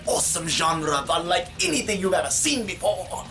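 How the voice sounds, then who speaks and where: A man's voice: high voice, very animated, normal speed, music in the background. A man vlogging in a casual monologue to camera, talking in an enthusiastic, playful way.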